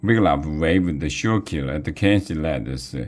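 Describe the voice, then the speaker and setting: A man reading a children's chapter book aloud in an expressive, deliberate way. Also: rumbling low. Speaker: reader. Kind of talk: storybook read-aloud narration.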